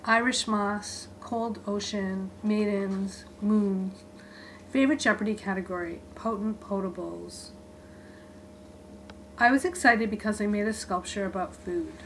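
A woman reads her own short pieces aloud in a deadpan spoken-word style. She delivers them in clipped, list-like bits at an ordinary middle pitch, with faint room sound behind her. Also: measured pace, slight background noise, low-quality recording.

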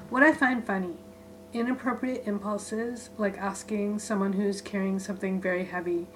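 A woman's voice: mid-range voice, steady tone, normal speed, fairly bright tone, slight background noise, poor audio. Woman reading clipped spoken-word lists. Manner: clipped, list-like delivery. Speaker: reader of her own short writings.

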